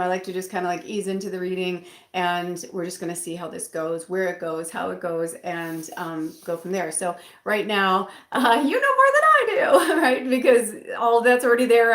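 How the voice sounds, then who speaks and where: A woman's voice: medium pitch, fairly bright tone. A woman tarot reader chatting casually from her bedroom, rambling with fillers and restarts. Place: bedroom at home. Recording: roomy echo.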